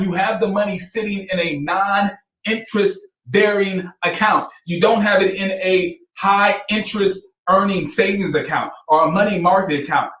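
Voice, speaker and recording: A man's voice: high voice, fairly bright tone. A man working as a financial advisor, giving commentary on financial records, laughing often and sounding incredulous and emphatic. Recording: roomy echo.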